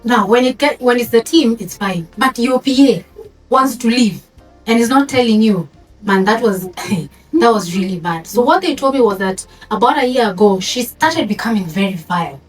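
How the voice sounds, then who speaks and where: A woman telling stories on an event panel in a lively, animated way, mixing English with Swahili phrases and drawing the audience in. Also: fairly high pitch, normal speed, faint music behind. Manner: animated, storytelling, code-switches into Swahili. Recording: echoey room from far off, noisy.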